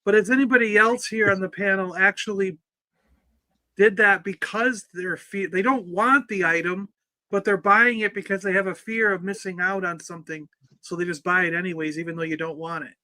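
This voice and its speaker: A man's voice: high-pitched, steady tone, normal speed, bright, forceful tone, no echo. A man co-hosting a casual panel podcast, asking questions and steering the discussion. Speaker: podcast co-host.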